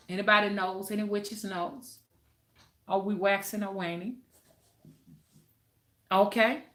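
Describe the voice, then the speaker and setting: A woman's voice: medium pitch, sharp tone, echoey room. A woman hosting a spiritual livestream, talking casually and preachily to her viewers and greeting them by name.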